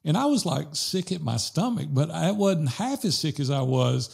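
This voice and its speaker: A man hosting a podcast, chatting casually with his co-host. His voice has a gravelly fry to it, and he tells stories with lively acted-out quotes. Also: on the high side, normal speed. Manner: animated storyteller, quotes people in lively voices. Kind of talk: casual chat.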